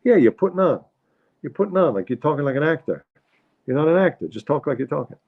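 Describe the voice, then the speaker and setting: A man's voice: on the high side, sing-song, fast, narrow, tinny audio, voice pushed up. A man doing a pushy old New York dad. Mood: impatient. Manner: insistent, repeating himself. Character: blunt older New York father, impatient.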